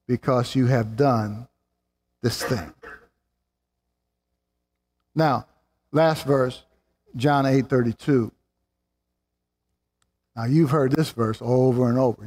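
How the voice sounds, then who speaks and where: A man preaching a sermon with fervor, building up to exclamations and slowing down to stress key words. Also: medium pitch, expressive, darkish tone. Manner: fervent, rising to exclamations and slowing for emphasis. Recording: long hall reverb.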